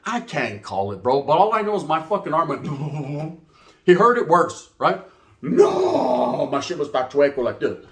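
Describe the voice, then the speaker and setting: A man's voice: a little high, normal speed. A man from California, telling a comedic street story with heavy slang and acting out every character. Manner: animated, acts out voices, heavy Chicano slang. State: out of breath.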